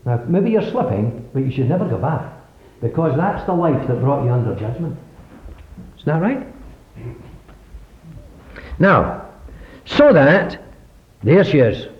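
A man preaching a sermon, emphatically questioning the congregation, with sudden swings in loudness. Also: mid-range voice, big pitch swings, measured pace, pauses often. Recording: echoey, dull lo-fi recording.

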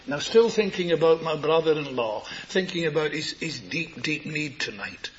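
An older man preaching a sermon, tender and earnest, repeating his phrases and moving between soft words and raised ones. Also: a little high, lively intonation, normal speed. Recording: muffled lo-fi sermon recording with faint hiss.

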